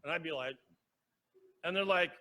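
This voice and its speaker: A man's voice: fairly high pitch, normal speed, pushed and bright. A man giving a conversational sermon, telling a personal story and speaking directly to the congregation. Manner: storytelling, acts out quoted voices, asks the congregation. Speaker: preacher. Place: church sanctuary.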